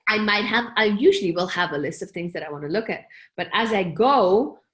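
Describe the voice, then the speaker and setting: A woman's voice: medium pitch, expressive, fairly quick, fairly bright tone. A woman choreographer, a guest in a conversational interview, talking in loose running phrases, laughing often and acting out her own quoted asides.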